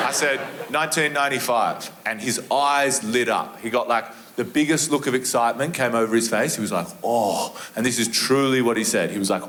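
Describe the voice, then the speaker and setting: A man's voice: mid-range voice, a little fast, hardly any pauses, a bit bright. An Australian man of about thirty telling a rambling story in a stand-up set. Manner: laid-back, rambling storytelling. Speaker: stand-up comedian. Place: comedy club stage.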